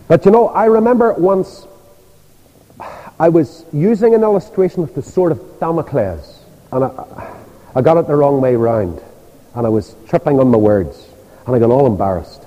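Animated Northern Irish preacher, older man. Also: mid-range voice. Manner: animated storytelling, acting out voices. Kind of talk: sermon. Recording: dull reverberant church hall.

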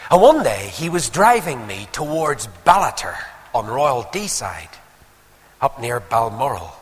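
Animated preacher, reverberant hall. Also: male voice, medium pitch. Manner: animated storytelling with rhetorical questions. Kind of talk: sermon.

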